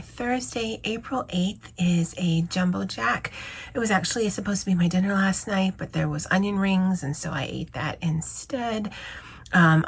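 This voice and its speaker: A woman's voice: lowish voice, slightly rough. A woman vlogger casually chatting about her lunch, with many fillers and restarts. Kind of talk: casual lunch diary chat. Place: office at work on campus.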